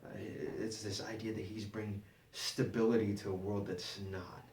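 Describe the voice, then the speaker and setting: A man preaching a sermon, halting and repeating words as he explains scripture. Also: fairly low pitch, level tone, darkish tone. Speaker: pastor. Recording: echoey room, mic at a distance.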